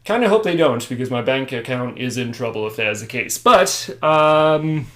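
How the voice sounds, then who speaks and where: A man's voice: mid-range voice, animated, moderate pace, sharp tone. A man hosting a casual solo podcast from a room at home, rambling and self-deprecating. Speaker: podcast host.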